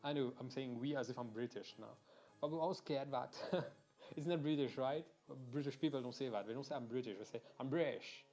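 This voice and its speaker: A man's voice: medium pitch, a little fast, a little mellow, faint music behind. A young man from Mauritius, ranting casually and animatedly during a game stream, swearing and restarting sentences.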